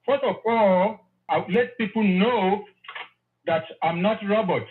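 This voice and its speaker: A man's voice: sits high, takes it slowly, a little hiss or hum. A man calling in, effusive and emotional, repeating his praise. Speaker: caller. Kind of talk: phone-in call. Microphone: phone. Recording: tinny phone line.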